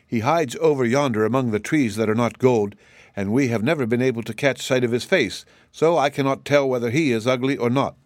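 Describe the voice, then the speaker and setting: A man voicing a composed queen who answers in a measured way. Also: medium pitch, no room sound, natural voice. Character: queen in a cavern, composed woman.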